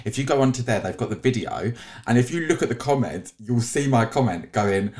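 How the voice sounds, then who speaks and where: A man hosting a podcast in casual chat, animated and quick to laugh. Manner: animated, bursts into high laughs and squeals. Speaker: podcast host.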